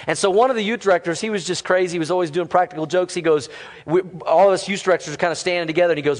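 A man's voice: sits high, quick pace. A man preaching a sermon as pastor, telling a funny story and calling on the congregation to respond. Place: large auditorium with long reverb. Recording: reverberant hall sound.

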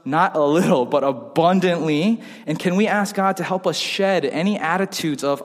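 Young pastor preaching in a reverberant hall. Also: male voice, fairly high pitch, moderate pace. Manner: casual, joking, animated storytelling. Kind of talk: sermon.

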